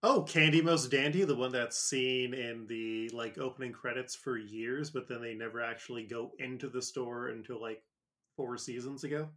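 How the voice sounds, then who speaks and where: A man's voice: mid-range voice, fairly even intonation, moderate pace, a bit bright. A man co-hosting a casual comedy podcast, enthusiastic and joking, with profanity thrown in. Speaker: podcast co-host.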